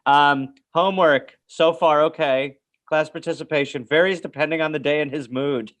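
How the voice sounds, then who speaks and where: A man with a somewhat higher voice hosts a casual podcast. He tells loose, rambling, jokey stories and reads out old report cards. He speaks close into a podcast mic. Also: fairly even intonation, normal speed, fairly bright tone. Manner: rambling, jokey, reads aloud and acts out quotes. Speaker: podcast host. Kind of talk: casual storytelling chat.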